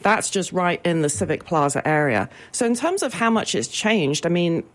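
A woman's voice: lowish voice, very animated, moderate pace. A woman talking as a guest about her business association's events, upbeat and full of ums. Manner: chatty, many ums, upbeat promotional. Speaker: business improvement association representative. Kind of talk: radio interview guest.

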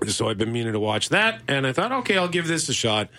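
A middle-aged man co-hosting a laid-back movie podcast, his voice bright and forward. He rambles through his thoughts with restarts and frequent laughter. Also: mid-range voice, sing-song, fast talker. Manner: chatty, rambling, laughs often. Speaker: podcast co-host. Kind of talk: casual chat about movies.

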